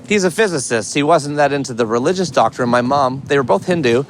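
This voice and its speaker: A man hosting a podcast while out on a walk, chatty and curious, telling stories and asking questions in quick bursts. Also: mid-range voice, lively intonation. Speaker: podcast host. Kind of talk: walking interview chat. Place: outdoors on a city street. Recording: street noise behind outdoor walk.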